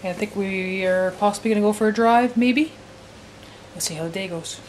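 A woman vlogging at home, talking softly and cooing to her dogs between casual chat. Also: medium pitch, fairly quick. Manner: soft, cooing baby talk to her dogs. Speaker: daily vlogger. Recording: noisy home camera recording.

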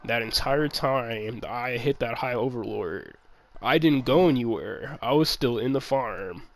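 A man's voice: mid-range voice, unhurried. A man telling a rambling, profane story in a casual chat, full of laughs.

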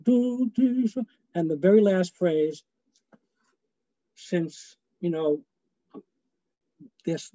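A man leads a choral lecture over a video call in a relaxed, chatty way and sings short phrases to show his points. His voice sits fairly high and sounds mellow. The call audio is dull and dry. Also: no echo. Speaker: choral conductor giving a lecture. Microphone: video call microphone.

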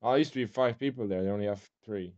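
A man's voice: fairly low pitch, rapid-fire, a little mellow. Bossy accented man barking orders in voice chat. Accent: non-native English. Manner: bossy, impatient, swearing. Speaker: clan leader organizing a training match. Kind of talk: casual gaming voice chat. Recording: dull lo-fi game voice chat.

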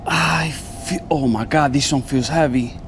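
A man vlogging while fishing outdoors on a lapel mic, talking casually and excitably, with "man" and "bro" in every sentence. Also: medium pitch, a little slow, slight background noise. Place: outdoors by the water.

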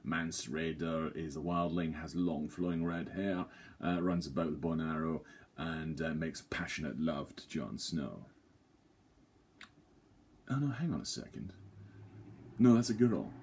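A man with a very low, husky voice talking straight to camera. He rambles and jokes at his own expense, stumbling through fillers as he reviews a play. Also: a little slow, pauses often, darkish tone. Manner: rambling, self-deprecating, jokey, many fillers. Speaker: theatre reviewer.

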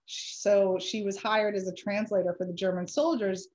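A woman author giving a chatty slide presentation, pausing with ums and correcting herself, her voice a little dry from allergies. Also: mid-range voice, steady tone, darkish tone, dull audio. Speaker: author giving a library talk.

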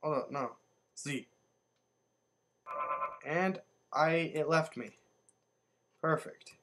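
A man giving casual, excitable commentary while playing a video game, jumping up in pitch whenever he survives. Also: very slow. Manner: excitable, yelps upward when surviving. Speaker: let's play gamer.

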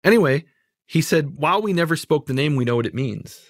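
A man's voice: fairly high pitch, lively intonation, fairly quick, no echo, studio quality. A man teaching in conversation, emphatic and dismissive of mistaken ideas, explaining word meanings step by step. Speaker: Bible teacher.

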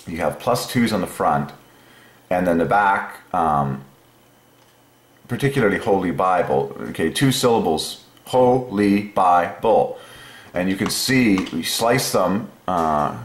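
A man hosting a channel, explaining an idea while thinking aloud, meandering and pausing often with fillers. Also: sits low, animated, echoey room. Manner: musing, meandering, with many fillers. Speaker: channel host.

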